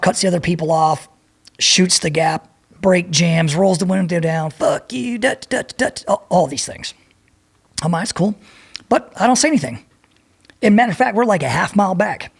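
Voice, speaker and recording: A middle-aged man telling a profane, animated story as a podcast guest and acting out the people in it. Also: on the high side, creaky, husky. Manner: profane, animated, acts out voices in his anecdote. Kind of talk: storytelling in a casual interview.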